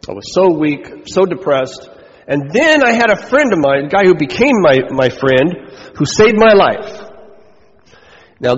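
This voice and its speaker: A man who is a pastor, giving a conversational sermon and putting questions to his listeners. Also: on the high side. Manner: conversational preaching, asks the congregation questions. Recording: dull recording with long hall reverb.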